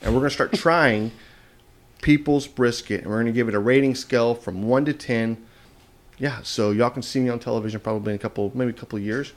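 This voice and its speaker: A man's voice: mid-range voice, quick pace. A man from Texas, hosting a podcast in a rambling, filler-heavy way. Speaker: podcast host. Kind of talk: casual podcast chat.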